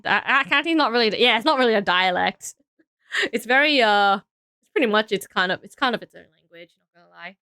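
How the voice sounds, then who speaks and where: A woman's voice: a little high, bright, forceful tone, no echo. A young woman streaming, chatting casually with viewers while building, rambling and correcting herself as she goes. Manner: rambling, unsure and self-correcting. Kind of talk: casual live-stream chat.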